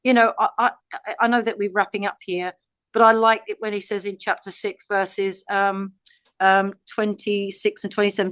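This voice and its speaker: A woman's voice: mid-range voice, little pitch movement, moderate pace, fairly bright tone, no echo. Heartfelt English woman discussing scripture. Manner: heartfelt, many restarts and repeated words. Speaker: podcast co-host, scripture reader. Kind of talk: casual Bible study discussion.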